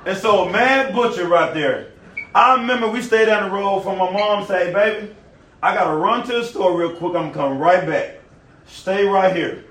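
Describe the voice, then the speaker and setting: Male preacher with a high, animated voice, caught from across an echoey room. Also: moderate pace, distant mic. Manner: animated, folksy, talks directly to the audience. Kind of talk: sermon. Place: nursing home room. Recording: echoey room, recorded from afar.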